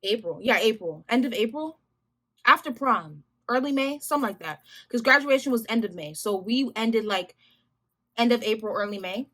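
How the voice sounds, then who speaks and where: A young adult woman vlogger telling a story in a casual, animated, slangy way, addressing viewers directly. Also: on the high side, moderate pace.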